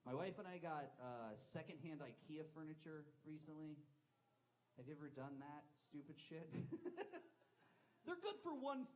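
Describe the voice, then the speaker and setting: A man's voice: fairly high pitch, slight background noise, poor audio. A young man performing a live stand-up set, telling rambling, self-deprecating stories with lots of swearing into a handheld mic on a club stage. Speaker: stand-up comedian.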